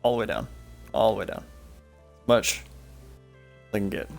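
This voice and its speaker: A man's voice: fairly low pitch, moderate pace, gravelly, soft background music. A young man streaming a game, telling stories in a rambling, profane way and laughing often. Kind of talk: casual storytelling while playing a game.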